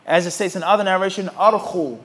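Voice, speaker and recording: A man's voice: high voice, a little fast. A man teaching a religious lecture, often asking his students to finish his sentences and mocking opposing views. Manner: animated, mocks opposing views in put-on voices. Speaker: Islamic teacher. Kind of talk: lecture to a class.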